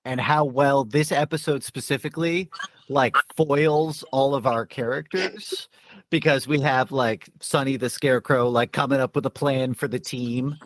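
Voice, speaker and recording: A man's voice: medium pitch, moderate pace, no room sound. A young man, a tabletop game player, chatting casually on a podcast and telling stories with lots of filler words. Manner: animated storytelling with filler words.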